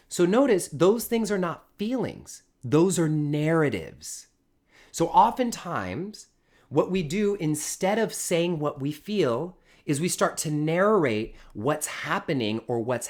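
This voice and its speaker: A man leading a live online workshop, talking casually and acting out everyday small talk as he teaches. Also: on the high side. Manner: animated, acts out quoted small talk; casual, addresses listeners as y'all. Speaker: workshop leader. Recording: loud guitar music behind the voice. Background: live guitar music.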